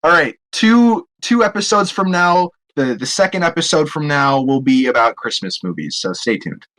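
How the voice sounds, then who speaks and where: A man's voice: on the high side, animated, normal speed, fairly bright tone. A man co-hosting a movie podcast, squeamish and exasperated as he complains through comic banter. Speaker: podcast co-host.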